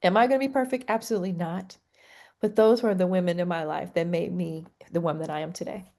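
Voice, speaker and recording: A woman's voice: on the low side, steady tone, fast, creaky, dark tone. A middle-aged woman, a counselor, speaking as a podcast guest in an earnest, heartfelt way. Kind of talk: conversational interview.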